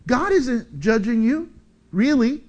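A man in middle age preaching from the pulpit with a high voice. He is animated, swinging from loud bursts to soft, low asides and playing out the voices in his stories. He speaks as a pastor to his congregation. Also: slow pace. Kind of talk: sermon.

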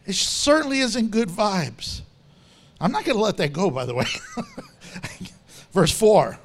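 A man preaching a sermon with animated storytelling, acting out the quotes he tells. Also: high voice, slow pace, a little hiss or hum.

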